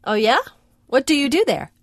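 A woman's voice: sits high, expressive, moderate pace, no room sound, clean studio sound. A woman reading a friendly, casual dialogue part in a language-lesson recording.

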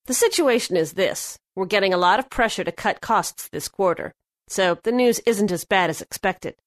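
A woman's voice: medium pitch, normal speed, no echo, natural voice. A woman voicing a polite businesswoman on a phone call in scripted lesson dialogue. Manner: polite, careful phone manner.

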